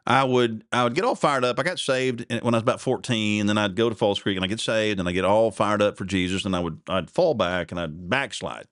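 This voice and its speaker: A man's voice: on the low side, a little fast, hardly any pauses, fairly bright tone, no echo, clean studio sound. A man, hosting a podcast and telling a rambling personal story in a self-deprecating, chuckling way. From Oklahoma. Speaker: podcast host.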